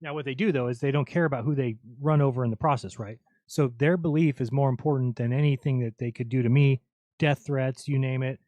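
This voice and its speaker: A man's voice: medium pitch, fairly even intonation, fairly quick, warm tone, no echo, muffled recording. A man hosting a live panel show, arguing his points emphatically in casual chat.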